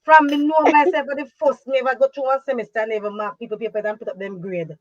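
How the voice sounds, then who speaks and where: A woman's voice: on the high side, steady tone, quick pace, no room sound, dull audio. A woman lecturer with a Jamaican accent, talking in rambling patois on a discussion panel with fervent asides.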